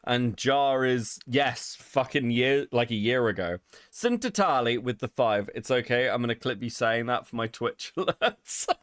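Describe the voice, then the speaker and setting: A man's voice: mid-range voice, fairly even intonation, normal speed, few pauses, a bit bright, no echo, studio quality. A man co-hosting a livestream commentary show, swearing and laughing a lot as he reacts. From Europe.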